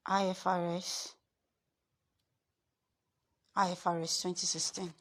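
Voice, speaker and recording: A woman tutor giving a screen-share lesson, repeating herself and stressing key words slowly. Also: on the low side, flat delivery, fairly bright tone.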